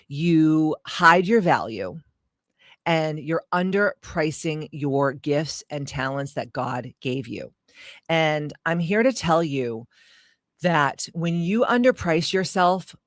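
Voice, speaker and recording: A woman's voice: low-pitched, dry recording, studio quality. Blunt, profane woman coaching on a podcast. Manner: blunt, emphatic, swears freely; repeats points in lists for emphasis. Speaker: business coach. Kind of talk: solo podcast monologue.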